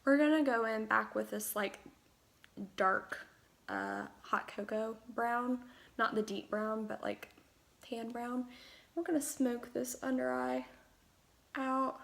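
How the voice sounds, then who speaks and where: A woman's voice: a little high, slow, vocal fry, long pauses, fairly bright tone. A young woman talking through a makeup tutorial at home in a chatty, rambling way, full of fillers and asides. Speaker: beauty vlogger.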